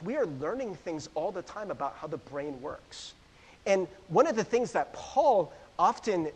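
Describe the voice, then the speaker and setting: A man preaching a sermon in an animated, joking way, often asking the audience questions. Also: high voice, husky. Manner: animated, jokey, asks the crowd questions. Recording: echoey hall.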